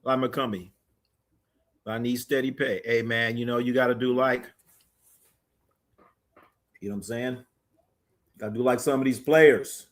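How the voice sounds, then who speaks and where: Male sports livestream host, casual and joking, reacting loudly to chat; mid-range voice. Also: medium pitch, unhurried, pauses often. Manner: loose, joking, animated bursts. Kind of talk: casual chat reading live comments.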